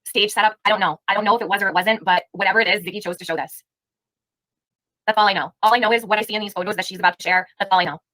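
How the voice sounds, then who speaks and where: A woman's voice: medium pitch, steady tone, very fast, pushed and bright, dry recording, poor audio. A woman hosting a live stream, giving heated, indignant commentary and firing rhetorical questions at her chat. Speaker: livestream host.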